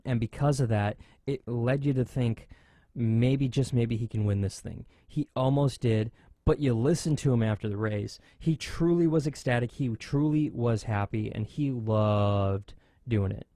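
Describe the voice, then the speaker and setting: A man hosts a motorsports talk radio show, speaking casually and animatedly, with frequent fillers and restarts. His voice sits at a middling pitch. The studio sound is dry and close. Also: a little mellow, dry recording.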